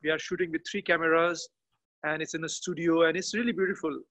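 A man chatting as a podcast guest from a garden outdoors, halting and often restarting as he searches for words. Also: on the high side, steady tone, a bit bright. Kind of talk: casual interview chat.

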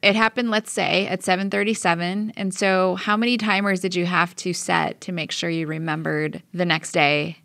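A woman host with a lowish voice leads the interview, recapping what she has heard and then probing for details. Her voice is close and dry, with no room echo. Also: steady tone, moderate pace, vocal fry, hardly any pauses, fairly bright tone. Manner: probing, recaps before asking. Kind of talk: interview questions.

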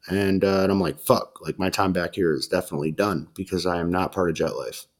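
A man's voice: deep voice, a little fast. A young man hosting a casual chat, telling a long story in a laid-back, profane way with many fillers and acted-out quotes. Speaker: podcast host.

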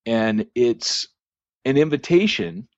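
A man's voice: mid-range voice, lively intonation, slow pace, no room sound. A man hosting a podcast, telling a long church story in a rambling, casual way with many ums and restarts. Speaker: podcast host. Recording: dry, dull lo-fi sound.

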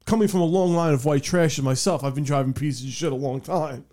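A man's voice: on the high side, fairly quick, dark tone. A young man, hosting a podcast and rambling through a profane story with laughs. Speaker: podcast host. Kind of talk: casual storytelling chat.

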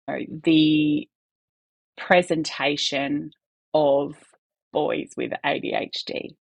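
Low-voiced woman, earnest talk. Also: no room sound. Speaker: guest. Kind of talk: candid podcast conversation.

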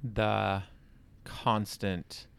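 A man hosting a podcast, reflecting slowly and earnestly in casual interview chat. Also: fairly low pitch, flat delivery, creaky, clean tone. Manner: slow, thoughtful, earnest reflection. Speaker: podcast host.

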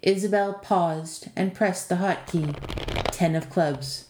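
A woman's voice: lowish voice, slow. Brief: woman podcast narrator, lilting fairy-tale delivery, roomy recording. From Canada. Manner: lilting, expressive storytelling. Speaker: storyteller and podcast author. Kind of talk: scripted fantasy narration. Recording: echoey room.

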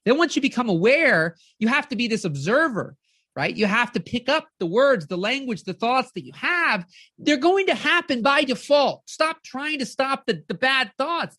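A woman life coach giving an energetic live-streamed motivational talk, keeps checking in with her audience and acts out inner voices. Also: high-pitched, no echo, studio quality.

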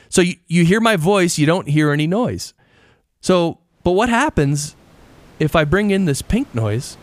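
A man's voice: fairly high pitch, slight background noise. A middle-aged man hosting a podcast, explaining things casually and asking the listener questions, close to his microphone in a treated home studio. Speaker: podcast host and audio engineer. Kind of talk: casual solo podcast talk.

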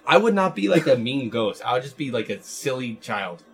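Lively crude-joking man in his twenties. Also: medium pitch, fairly quick, soft background music. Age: 20s. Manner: animated, laughing, acts out voices. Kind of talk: crude casual banter among friends.

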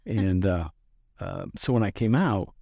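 A man in his sixties with a lowish voice tells his stories loosely and pokes fun at himself, often stopping and starting over mid-sentence. The sound is close and dry, with no room around it. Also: a little slow, vocal fry, warm tone, no echo. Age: 60s. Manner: self-deprecating, rambling, with frequent restarts. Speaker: podcast guest, business founder. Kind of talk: casual storytelling interview.

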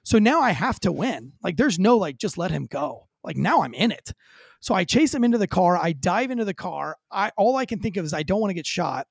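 A man, a former police officer, telling a dramatic story with high energy as an interview guest, acting out quoted lines. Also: sing-song, brisk, vocal fry, breathy edge, no room sound.

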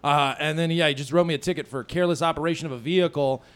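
A man's voice: on the high side, racing, clear, resonant tone. A man hosting a casual podcast, telling stories with frequent laughs and acted-out voices. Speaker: podcast host and comedian. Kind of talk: casual chat.

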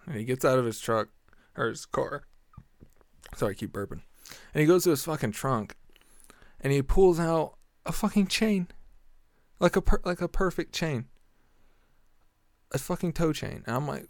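A man spinning a casual story full of swearing, laughing often as he acts out each back-and-forth. His voice is dry and close, with no room sound, at an ordinary middle pitch. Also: measured pace, pauses often, dry recording. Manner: profane, laughing often while telling the story; animated retelling, acting out exchanges.

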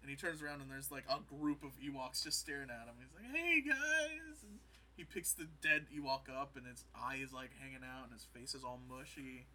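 A man with a very bright, sharp voice talks through an episode recap in a loose, rambling way. He jumps into quoted lines as he goes, keeping it casual, at a middling pitch. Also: flat delivery, brisk, hardly any pauses, slight background noise, poor audio. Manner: rambling storytelling, acts out quotes. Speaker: podcast co-host.

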